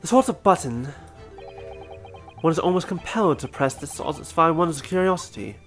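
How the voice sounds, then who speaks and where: A self-satisfied gentleman detective, voiced by a man in a put-on semi-British accent. He lectures in a grand, fussy way, his voice sitting a little high. Faint game music plays underneath. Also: animated, moderate pace. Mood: lecturing.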